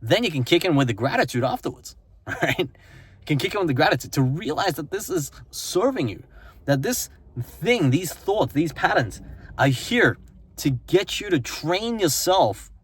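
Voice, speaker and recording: A man's voice: on the high side, husky. A man giving a motivational self-help talk, earnest and repetitive, often tagging his points with "right?". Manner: earnest, repeats phrases and tags lines with "right?".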